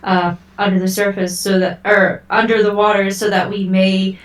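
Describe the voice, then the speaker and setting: A woman voicing a humble female adventurer who formally addresses a king, speaking in a halting, deferential way. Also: mid-range voice, flat delivery, far from the mic, natural voice. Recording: roomy echo, voice set back from the mic.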